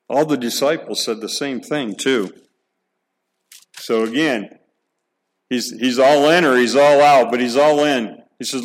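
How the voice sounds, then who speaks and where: A middle-aged man delivering a sermon in an earnest, emphatic way. His voice sits at an ordinary pitch for a man. He presses his points with rhetorical questions and stumbles over repeated words as he restarts. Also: a little slow, low-quality recording. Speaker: pastor.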